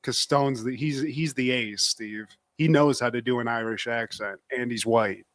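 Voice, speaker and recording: A man co-hosting a podcast, recapping a show in a joking, animated way. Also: medium pitch, no room sound. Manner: joking, animated, quick asides to his co-host. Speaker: podcast co-host. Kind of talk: casual recap chat.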